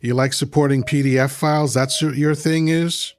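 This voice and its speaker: A man's voice: on the high side, steady tone, normal speed. A man hosting a livestream, reading chat comments aloud and arguing with them in a combative, mocking way, often repeating himself. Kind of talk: heated political rant.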